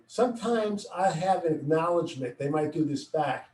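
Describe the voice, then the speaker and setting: A middle-aged man explains a baseball play step by step, acting out what he calls to his players. His voice sits slightly high. He stands away from the mic, and the room echoes around him. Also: expressive, fairly quick, distant mic. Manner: explains plays step by step, acts out yelling at players. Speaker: baseball coach. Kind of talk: coaching instruction.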